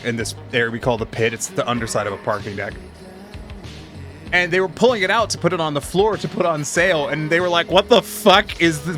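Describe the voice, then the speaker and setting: A man's voice: a little high, pushed and bright. A man streaming a game, telling rambling, profane work stories in casual chat. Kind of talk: casual chat while gaming.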